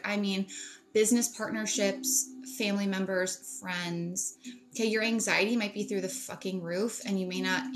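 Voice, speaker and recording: A woman in casual live-stream chat from home on a phone, upbeat and chatty, greeting viewers and swearing casually. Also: medium pitch. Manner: greets viewers warmly, fillers like um. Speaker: spiritual wellness live-streamer.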